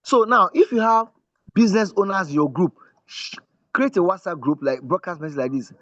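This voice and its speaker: Male instructor, slightly high pitch, emphatic and repetitive, dry lo-fi video-call sound. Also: a little fast, a bit bright, dry recording. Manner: repetitive, checks in with listeners often; emphatic teaching tone. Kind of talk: online class with screen share.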